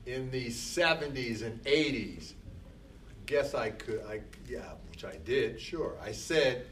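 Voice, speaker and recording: Slow, emphatic older male teacher. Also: mid-range voice, animated, a bit bright. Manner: emphatic, repeats short phrases. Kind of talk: classroom lecture. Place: classroom. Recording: distant mic with faint background noise.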